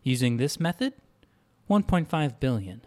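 A calm synthetic man, voiced by a male storyteller, formal and unmoved. His replies come measured and matter-of-fact, in a mid-pitched voice. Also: lightly acted.

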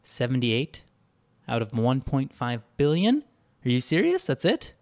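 A man's voice: mid-range voice, normal speed, close to an everyday voice. A man voicing a determined woman spacefarer who asks pointed, pressing questions. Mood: incredulous. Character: determined woman spacefarer, searching for her husband.

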